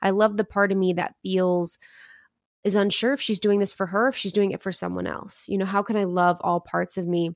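A woman's voice: medium pitch, flat delivery, brisk, no room sound, clean studio sound. A woman in her thirties telling a candid, reflective personal story as a podcast guest. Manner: earnest, candid, dips into quoted inner thoughts.

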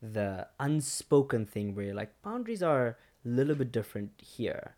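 A man's voice: mid-range voice, normal speed. A man in casual conversation, talking earnestly and reflectively about personal experiences. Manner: earnest, reflective, animated when retelling.

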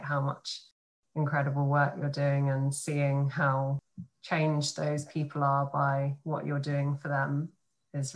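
A woman's voice: low voice, poor audio. A young adult woman speaking sincerely and admiringly in a podcast interview.

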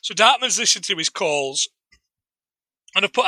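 A man co-hosting a casual film review chat, animated and jokey, laughing often. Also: sits high, normal speed, no room sound, low-quality recording. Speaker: podcast co-host.

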